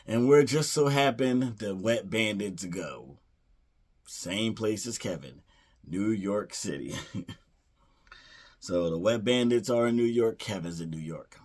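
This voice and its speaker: A man with a low, deep voice talks through a movie's plot in a loose, casual way. He wanders and restarts his sentences, leaning on "you know" and "uh" as he goes. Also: takes it slowly, darkish tone. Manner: rambling, many fillers and restarts; playfully acts out character lines. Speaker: movie reviewer.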